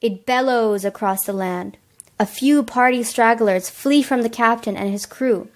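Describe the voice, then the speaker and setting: A woman's voice: on the high side, measured pace. A teenage girl reading plain storybook narration for a school play. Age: teens.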